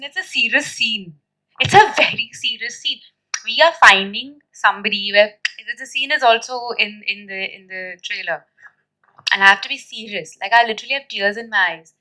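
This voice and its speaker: Bright, high-voiced chatty woman. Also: low-quality recording. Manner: chatty, animated storytelling with fillers and laughs. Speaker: actress at a film press event. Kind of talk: casual press interview chat.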